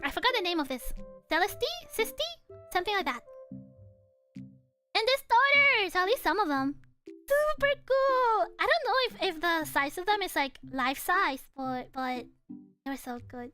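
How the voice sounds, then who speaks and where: A young woman streaming casually over her travel photos, animated and giggly, with casual swearing. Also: very high voice, normal speed, faint music behind. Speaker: VTuber streamer.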